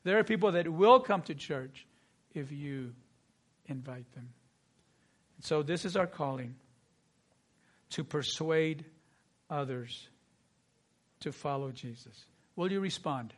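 A man preaching a sermon as pastor, telling a personal story in a lively, earnest way and acting out the dialogue. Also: a little high, takes it slowly, long pauses.

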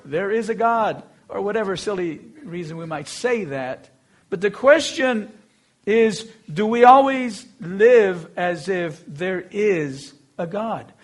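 A man with a notably high voice preaching a sermon. He tells the scripture story expressively and leans hard into slow, emphatic phrases. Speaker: pastor.

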